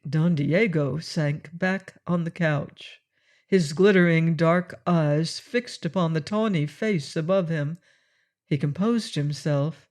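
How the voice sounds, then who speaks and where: Guy reading an old adventure novel aloud, high-ish voice, steady storyteller pace. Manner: measured, expressive storytelling. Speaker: audiobook narrator. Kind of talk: audiobook reading of a classic novel.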